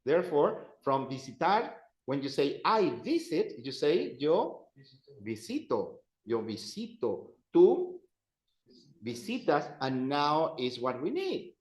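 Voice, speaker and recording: A man's voice: a little high, sing-song, slow, a little mellow, echoey room, low-quality recording. A man teaching a language class, patiently repeating phrases for his students to drill. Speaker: Spanish teacher.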